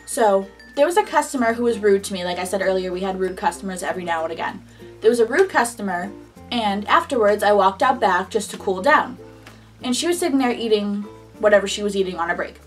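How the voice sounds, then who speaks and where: A young woman vlogger telling a first-job story in casual, animated chat, with lots of "like" between phrases. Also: medium pitch, quick pace, far from the mic, soft background music. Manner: chatty and animated, heavy on "like".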